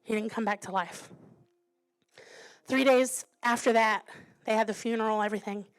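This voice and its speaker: A woman in her thirties preaches from the pulpit, her voice sitting a little high. She tells a personal story with earnest, quiet care, then builds to strong, emphatic declarations. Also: fairly even intonation, normal speed, smooth. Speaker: pastor. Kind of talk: sermon.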